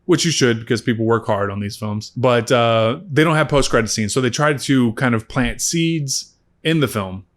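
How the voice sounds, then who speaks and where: A man giving a casual spoken movie review, rambling and swearing freely with animated asides. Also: mid-range voice, normal speed.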